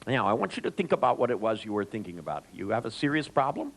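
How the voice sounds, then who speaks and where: A man's voice: mid-range voice, fast talker, creaky, low-quality recording. A man giving a live seminar talk to an audience, joking and telling anecdotes as he speaks to them directly. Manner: animated storyteller, joking, addresses audience directly.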